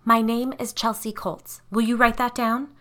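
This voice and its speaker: A woman's voice: a little high, flat delivery, normal speed, a bit bright, voice pushed up, natural voice. A woman voicing a distraught young woman's ghost who pleads urgently and tearfully in an audiobook-style story. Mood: earnest.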